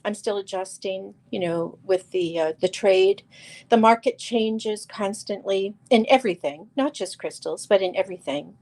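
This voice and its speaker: A woman with a mid-range voice, darkish tone and moderate pace hosts a live crystal sales show. Her chatter is loose, full of fillers and restarts, and she names viewers as she shows the stones.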